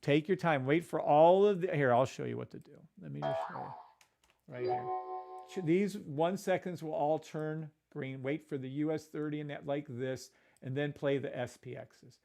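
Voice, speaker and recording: A man runs a live trading stream in an excitable, profane rush, shouting one moment and muttering the next. His voice sits a little high for a man. He calls out trades and greets viewers in the chat by name. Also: moderate pace, gravelly, faint music behind.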